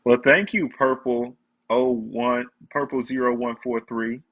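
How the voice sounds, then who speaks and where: A man's voice: mid-range voice, flat delivery, measured pace, phone-quality sound. A man with a congested voice, chatting candidly and ranting to viewers on a casual live stream.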